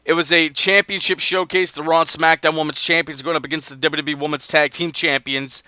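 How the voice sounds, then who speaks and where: Excitable male co-host with a bright, crisp voice and a dry close mic. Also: fairly high pitch, fairly quick, dry recording. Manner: excitable, reads listener messages aloud. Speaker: podcast co-host. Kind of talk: casual wrestling podcast chat.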